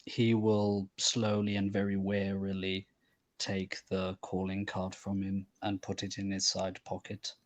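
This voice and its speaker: A man taking part as a player in a tabletop game, describing his character's moves slowly and evenly. His voice sits a little low and barely rises or falls. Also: completely flat delivery. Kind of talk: tabletop role-play.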